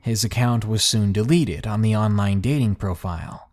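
A man narrating a scary story in a calm, measured, ominous way, then signing off as the channel host. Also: lowish voice. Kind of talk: scripted narration of a horror story. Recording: faint background music.

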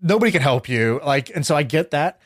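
A man's voice: fairly high pitch, lively intonation, brisk. A young man telling stories in casual conversation, rambling with lots of filler words and restarts.

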